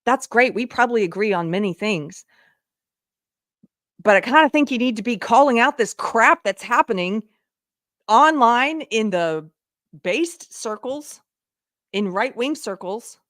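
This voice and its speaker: A woman's voice: fairly high pitch, expressive, normal speed, a bit bright, no room sound. Woman host, live commentary, impassioned, exasperated bursts, dry close sound. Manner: impassioned, rising to exasperated outbursts. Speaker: show host.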